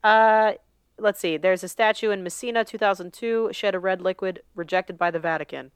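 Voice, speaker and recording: Casting: woman podcast co-host, smooth and clear, dry close sound, reads a list with casual asides. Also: mid-range voice, normal speed, no room sound.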